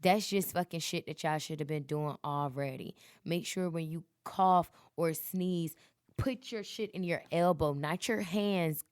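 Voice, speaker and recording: A woman's voice: sits low, unhurried, darkish tone, clear, resonant tone, dry recording, studio quality. A woman in her thirties hosting a casual solo podcast, talking bluntly with lots of cursing and preachy pep talk. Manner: profane, blunt, preachy and motivational. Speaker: podcast host.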